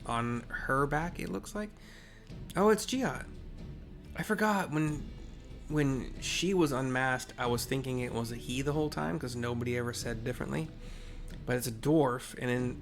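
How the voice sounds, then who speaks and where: A man casually narrating and describing a game scene, rambling and often correcting himself. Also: mid-range voice.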